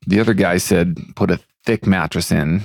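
A man co-hosting a casual podcast, reading out listener tips in an easygoing way with fillers and pauses. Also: deep voice, vocal fry, no room sound, clean studio sound. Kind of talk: casual chat.

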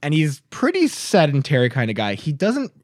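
A man's voice: fairly high pitch, huge pitch swings, moderate pace, no echo, clean studio sound. A man hosting a podcast, telling a story in casual chat and laughing often. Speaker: podcast host.

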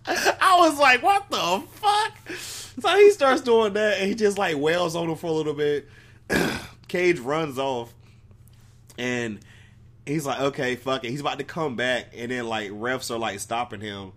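A man's voice: mid-range voice, unhurried. A man co-hosting a podcast, recapping wrestling in rambling casual chat, swearing and laughing often. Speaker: podcast co-host.

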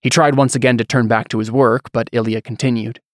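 Brief: measured male fiction narrator, mid pitch, dry booth. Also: fairly even intonation, no room sound. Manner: measured storyteller reading.

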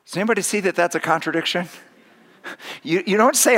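A man's voice: high-pitched, fairly quick, fairly bright tone, in a large hall. A man preaching a sermon as pastor, retelling stories in a conversational, humorous way with frequent restarts.

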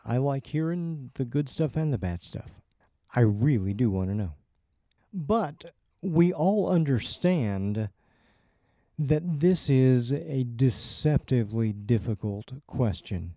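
A man hosting a podcast, explaining in an unhurried way with small restarts. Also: mid-range voice, animated, mellow, no echo, clean studio sound. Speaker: podcast host. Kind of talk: casual podcast chat and explainer.

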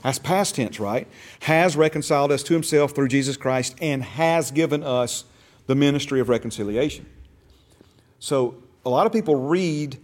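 A man's voice: mid-range voice, moderate pace. A man teaching a church discipleship class, stressing key words and asking the class questions. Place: church classroom, also streamed online.

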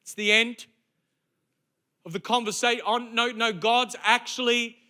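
A man's voice: very high voice, steady tone, a little slow, pushed and bright. A middle-aged male pastor preaching a sermon on a church stage, telling stories with humor and firing rhetorical questions at the congregation.

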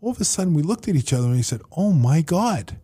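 A man sits at a table for a casual podcast and tells animated stories, playing out each quoted line. His voice sits a little high but has a mellow, dark tone. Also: racing, husky. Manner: animated storyteller, quoting himself and others. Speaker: facility owner and manager.

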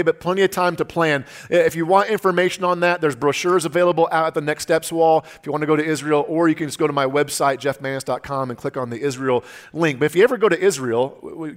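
A middle-aged man from the United States preaching a sermon as a pastor, earnest and conversational, often restarting his words. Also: on the high side.

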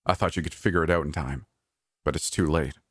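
Man reading a frantic male boss, very deep voice, dry read. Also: fairly even intonation, slightly rough, no room sound. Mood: desperate. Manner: hushed, halting and pleading. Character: anxious, desperate adult male manager. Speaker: park manager.

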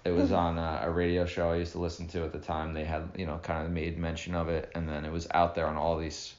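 Deep-voiced sarcastic man chatting. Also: completely flat delivery, fast, darkish tone. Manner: dry, sarcastic, rambling. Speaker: podcast co-host. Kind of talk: casual chat. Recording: dull roomy home recording.

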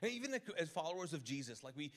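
Animated pastor preaching in a reverberant church. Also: male voice, fairly high pitch. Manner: animated, conversational, humorous, with quick self-corrections. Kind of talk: storytelling sermon. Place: large church auditorium. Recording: live church recording with long reverb.

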